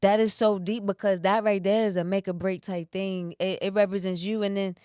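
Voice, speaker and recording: Smooth-voiced male podcast host. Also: sits high, little pitch movement, brisk, a little mellow, no room sound, studio quality. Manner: short affirmations, emphatic. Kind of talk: casual chat.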